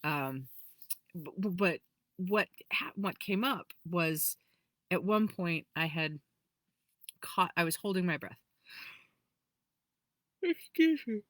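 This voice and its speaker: Animated woman in her forties, lively pitch. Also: slow, pauses often, no room sound. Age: 40s. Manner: animated, rambling, with restarts and self-corrections. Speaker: energy healer. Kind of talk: casual spiritual talk.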